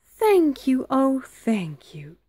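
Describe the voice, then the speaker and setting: A woman voicing a grateful, kindly witch in a storybook reading, bright and exclaiming. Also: sits high, huge pitch swings, extremely slow, breathy edge, dry recording, pitched above the performer's own voice, exaggerated voice.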